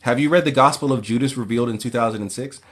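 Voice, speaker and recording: A man hosting a casual livestream Q&A who reads viewers' questions aloud and answers in a relaxed, plain way. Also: medium pitch, very fast. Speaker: occult livestream host.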